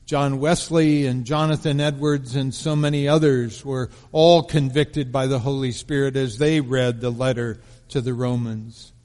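A man preaching a sermon as pastor of his congregation, telling a story in a measured way and slowing down for emphasis. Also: medium pitch, darkish tone. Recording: long reverb of a large hall.

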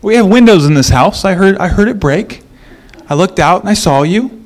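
A man voicing a knowing, patient old grandmother in a gentle, lifted voice. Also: sits high, lively intonation, normal speed, pitched above the performer's own voice.

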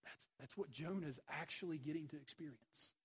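A man's voice: on the high side, fairly quick, breathy edge, poor audio. A man preaching a sermon, emphatic, with rhetorical questions and repeated phrases. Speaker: pastor.

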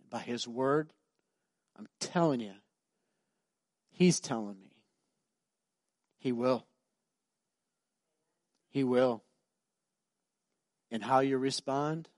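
Emphatic preacher, dry close sound. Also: male voice, mid-range voice, slow, pauses often, darkish tone, no echo. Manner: emphatic, repetitive, conversational storytelling. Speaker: pastor. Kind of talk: sermon.

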